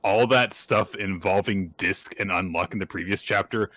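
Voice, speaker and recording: A man with a low but bright voice chats casually on a podcast. He drops in dry, joking asides, and his voice is recorded close with no room sound. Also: moderate pace, no room sound. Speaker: podcast co-host. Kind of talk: casual chat.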